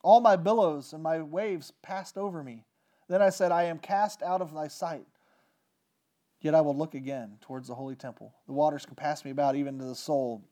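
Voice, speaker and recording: A man with a fairly high speaking voice delivers a sermon, reading scripture and then retelling it in casual, slangy terms. His voice rises and falls in pitch and loudness as he tells the story. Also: normal speed. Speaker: preacher.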